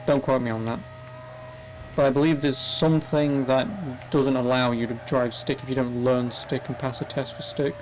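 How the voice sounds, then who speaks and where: A young man talks his way through a racing game stream in a loose, rambling way, cursing now and then. His voice sits at an ordinary middle pitch. Faint engine noise hums underneath. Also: steady tone, normal speed, darkish tone. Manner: rambling, chatty, swears casually. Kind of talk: casual gameplay commentary.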